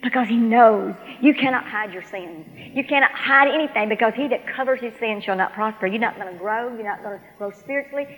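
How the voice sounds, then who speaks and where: A woman with a fairly high, bright voice preaches her testimony, playing out each side of the dialogue with lively expression. Her voice rings out with a long hall reverb around it. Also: brisk, hardly any pauses. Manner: animated storytelling, acts out both sides of dialogue. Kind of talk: sermon testimony.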